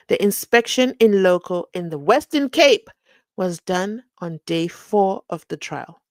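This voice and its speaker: A woman's voice: lowish voice, gravelly, no echo. Chatty, sarcastic woman. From Namibia. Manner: chatty, sarcastic, acts out the people she quotes. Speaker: commentary channel host. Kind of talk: casual commentary on a court trial.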